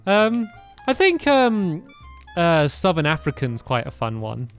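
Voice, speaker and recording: A man's voice: a little high, a little slow, smooth. A man co-hosting a podcast, chatting casually with hesitant restarts. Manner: hesitant, laughs often, lively. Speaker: podcast co-host. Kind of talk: casual chat. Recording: faint music behind.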